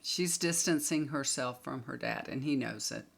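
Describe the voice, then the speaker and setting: A woman's voice: extremely low pitch, moderate pace, gravelly, slightly rough. A woman tarot reader talking casually to a camera, chatty and emphatic, repeating points for stress.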